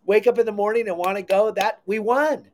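A man's voice: sits high, fairly even intonation, brisk, a little hiss or hum. A middle-aged man hosting a casual podcast, talking with emphatic enthusiasm about taking kids fishing. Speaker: podcast host.

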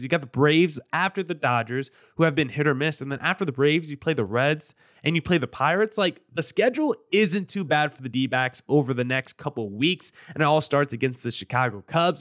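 A man's voice: a little high, fairly bright tone, no echo, clean studio sound. A man hosting a solo sports podcast, talking in a conversational, rambling and upbeat way with a self-deprecating streak.

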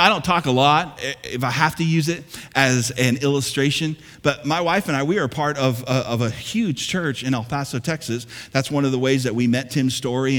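A male pastor delivering an energetic sermon with touches of humor, building up to fired-up exclamations. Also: fairly high pitch. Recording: long reverb of a large hall.

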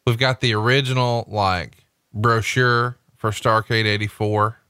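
A man's voice: on the low side, steady tone, unhurried, bright, forceful tone, clean tone, no echo, studio quality. A man hosting a casual podcast, enthusiastic and full of "like" and "I mean". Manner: enthusiastic, listing things, filler "like".

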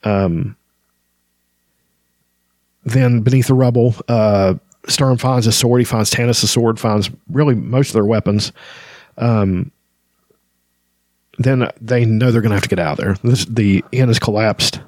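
A man with a fairly low voice talks casually about a fantasy novel he is reading. He fills gaps with "um" and "you know" often. The sound is dry and close. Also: measured pace, pauses often, a little mellow, no room sound. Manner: conversational, frequent filler words. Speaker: book reviewer. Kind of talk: casual book discussion.

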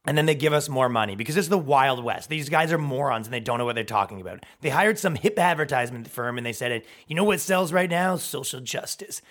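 A man in his thirties hosting a podcast, ranting in a heated, profane, comedic way and mimicking people in quick put-on voices. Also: mid-range voice, animated, fairly bright tone. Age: 30s. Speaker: podcast host.

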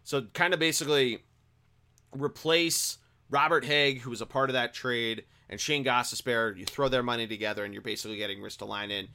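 A man's voice: mid-range voice, fairly quick, bright, forceful tone. A man hosting a casual sports podcast, talking through the news in a loose conversational way with fillers and restarts. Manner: conversational, with fillers and self-corrections. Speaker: podcast host.

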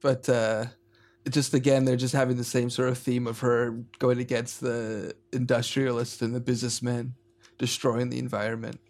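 A man's voice: medium pitch, flat delivery, normal speed, a little mellow. Hesitant man chatting on a podcast. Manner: hesitant, full of filler words. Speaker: podcast co-host. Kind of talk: casual podcast chat.

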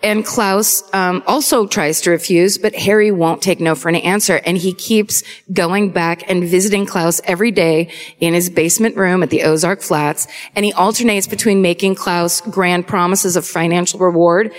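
A woman's voice: on the low side, fairly even intonation, normal speed. A woman co-hosting a live true crime show on stage, telling the story in a chatty way and laughing at her own jokes. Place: live on stage in a large auditorium.

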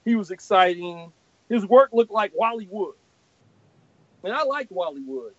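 High-voiced older man telling stories. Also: a little slow, no room sound. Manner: animated, laughing, acts out quoted voices. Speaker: comic artist guest. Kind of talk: anecdotal storytelling. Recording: dull lo-fi recording.

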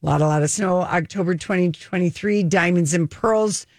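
A woman's voice: on the low side, moderate pace, no room sound. Chatty radio co-host woman, dry sound. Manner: chatty, animated storyteller. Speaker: radio talk show co-host. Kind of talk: casual chat. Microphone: studio mic.

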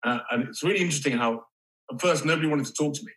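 A male actor speaking as an interview guest, halting and reflective, with casual swearing. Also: a little high, fairly bright tone, slight background noise, low-quality recording. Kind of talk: candid interview conversation.

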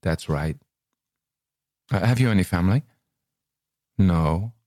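A man's voice: low-pitched, expressive, takes it slowly, darkish tone, no room sound, studio quality. A man voicing a weary, scarred American army corporal with a New York accent, who speaks in a languid, laconic and curt way.

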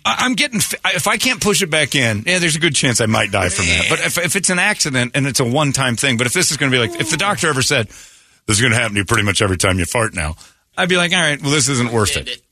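A man hosting a morning radio show, chatting and joking in a loose, animated way. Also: mid-range voice, quick pace. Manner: animated, jokey, exclamatory. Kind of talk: casual radio banter.

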